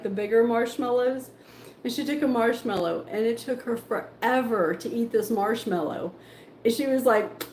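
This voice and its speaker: A woman's voice: a little high, darkish tone. Chatty woman, echoey kitchen. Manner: baby-talk praise to her dogs; chatty, laughing often, many ums. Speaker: livestream host. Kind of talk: casual chat while cooking. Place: home kitchen. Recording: echoey kitchen with faint background noise.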